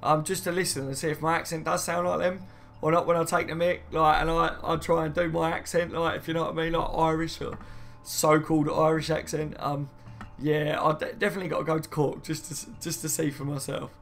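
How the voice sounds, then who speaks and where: Gravelly man chatting on a live stream. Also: on the high side, flat delivery, brisk, a bit bright, soft background music. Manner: chatty, reads viewer comments aloud and answers them. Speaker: fan channel host. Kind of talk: casual live-stream chat.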